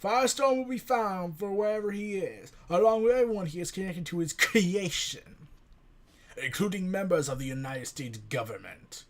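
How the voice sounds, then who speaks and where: A man's voice: high-pitched, animated, moderate pace. Man doing a cartoonish russian leader, grave and formal, put-on accent. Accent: put-on stereotypical Russian. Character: stern male Russian leader declaring war.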